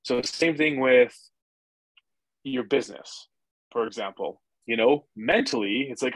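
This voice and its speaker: A man talking as a podcast guest, energetic and profane, acting out inner voices as he explains. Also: mid-range voice, unhurried, long pauses, no echo, poor audio. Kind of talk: casual interview chat.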